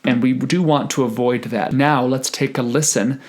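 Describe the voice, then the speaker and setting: A man teaching choral diction, explaining slowly and carefully and breaking into sung phrases. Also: medium pitch, fairly even intonation. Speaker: choral conductor.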